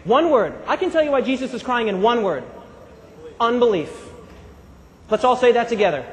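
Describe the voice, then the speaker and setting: A man's voice: very high voice, expressive, moderate pace, long pauses. A man preaching a sermon who keeps calling out to his congregation for answers and amens. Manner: calls out to the congregation for responses. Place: church hall. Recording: long reverb of a large hall.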